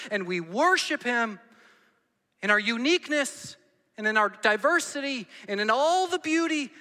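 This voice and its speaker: A man's voice: sits high, pushed and bright, big-room sound. A man preaching a sermon to his congregation, earnest and full of questions put to the room. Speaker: pastor. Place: church hall.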